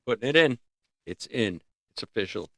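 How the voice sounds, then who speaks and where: A man's voice: lowish voice, lively intonation, normal speed, creaky, dry recording. Rambling, playful man hosting a livestream. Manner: rambling, playful, thinks out loud. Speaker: livestream host. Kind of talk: casual livestream chat.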